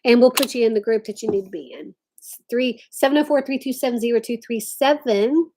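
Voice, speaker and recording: A woman's voice: fairly high pitch, a little fast, a little mellow. A woman hosting a casual craft livestream from home, chatting and reading viewer comments aloud. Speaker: livestream host.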